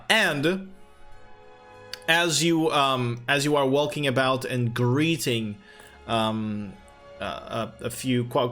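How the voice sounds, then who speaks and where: Guy running a d&d game, slow and halting, lots of ums, faint music in the back. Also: mid-range voice, a bit bright. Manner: halting, many fillers and restarts. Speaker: game master. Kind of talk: narrating a tabletop game.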